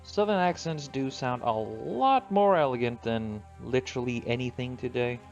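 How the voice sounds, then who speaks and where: A man's voice: medium pitch, expressive, moderate pace, creaky, highs cut off, soft background music. A man hosting a casual podcast chat and asking curious, easygoing questions. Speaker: podcast host.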